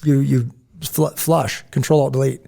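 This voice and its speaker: A man's voice: mid-range voice, steady tone, moderate pace, vocal fry, warm tone. A man co-hosting a podcast in casual chat, telling stories animatedly, mimicking people and laughing often. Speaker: podcast co-host.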